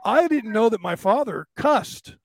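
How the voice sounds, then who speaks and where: A man's voice: extremely high pitch, unhurried, no room sound. A man hosting a podcast, telling stories in casual conversation and acting out the voices of people he quotes. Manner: animated, acts out quoted voices loudly. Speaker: podcast host.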